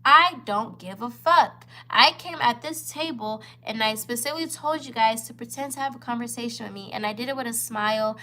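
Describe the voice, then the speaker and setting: A woman's voice: a little high, a little fast, hardly any pauses, sharp tone. A woman in her twenties, a vlogger telling a heated, profane storytime to camera, upset and near tears. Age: 20s. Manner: heated, profane, emphatic retelling.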